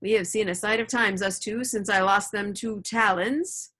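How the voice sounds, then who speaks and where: A woman voicing a gruff old male pirate who swings between fawning and sneering, read aloud from a storybook. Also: medium pitch, fairly even intonation, moderate pace, a bit bright. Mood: coaxing.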